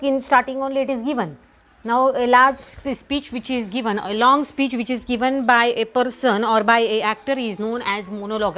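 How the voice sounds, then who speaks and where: A woman's voice: a little high, fairly bright tone. A middle-aged woman with a Marathi accent teaching an English lesson to children, often repeating herself and asking the class questions. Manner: repetitive, asks students questions often. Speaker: school teacher.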